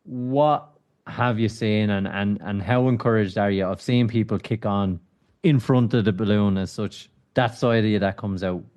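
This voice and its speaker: A man's voice: on the low side, normal speed, a little mellow. Man hosting a joking podcast chat. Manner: joking, teasing questions. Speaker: podcast host. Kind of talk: casual interview chat.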